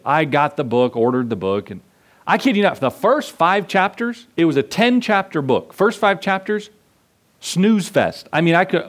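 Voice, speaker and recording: A man's voice: fairly high pitch, sing-song, moderate pace. A man preaching a sermon as pastor, asking the congregation questions and acting out little asides.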